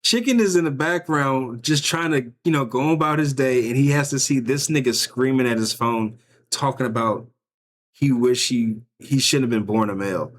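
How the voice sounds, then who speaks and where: A man's voice: medium pitch, normal speed. A man giving loose, joking, slang-heavy commentary on video clips, often acting out what bystanders might be thinking. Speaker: reaction streamer. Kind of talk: casual commentary reacting to clips.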